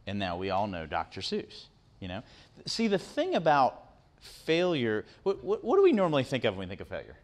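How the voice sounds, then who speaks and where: A man's voice: medium pitch, huge pitch swings, fairly quick. A middle-aged man giving a conversational motivational talk to students, often asking the audience questions and tagging on "right?". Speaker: guest speaker. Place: university lecture room.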